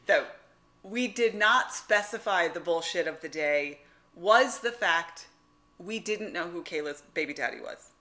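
A woman co-hosting a podcast in casual chat, trading quick, wry quips and playful banter. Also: lowish voice, expressive, pushed and bright. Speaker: podcast co-host.

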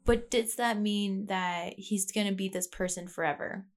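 A woman's voice: medium pitch, fairly even intonation, moderate pace. Young woman musing on her podcast. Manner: rambling, reflective, with frequent fillers and restarts. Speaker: podcast host. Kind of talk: casual personal monologue. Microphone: plugged-in podcast mic.

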